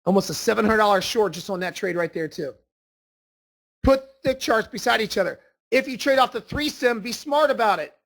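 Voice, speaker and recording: A man with a notably high voice walks through trading charts as an instructor. He talks emphatically and repeats his points with a salesman's push. He speaks as a voice-over on a desk mic. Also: a bit bright. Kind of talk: screen-share trading lesson.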